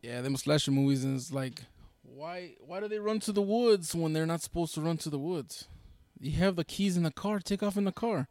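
A man's voice: fairly high pitch, normal speed, a little mellow, no echo. A man co-hosting a casual live-streamed podcast, joking with viewers and laughing often. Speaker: podcast co-host.

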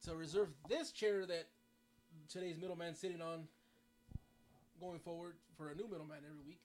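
Rambling high-voiced guy chatting. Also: steady tone, brisk, a little mellow, slight background noise. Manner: rambling, laughs often, lots of "like". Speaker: podcast co-host. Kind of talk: casual chat.

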